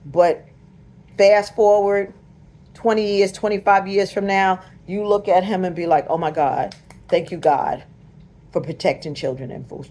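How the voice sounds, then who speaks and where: Addressing viewers straight on, this woman from the United States has a lowish, mellow voice. Her casual vlog commentary comes across as emphatic and somewhat preachy.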